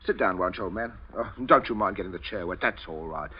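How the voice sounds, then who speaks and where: An actor playing a polite, murderous middle-aged father who chuckles with calm menace, in 1940s radio drama acting. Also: low voice, fast, breathy edge. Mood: genial. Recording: dull, faintly hissy old radio broadcast.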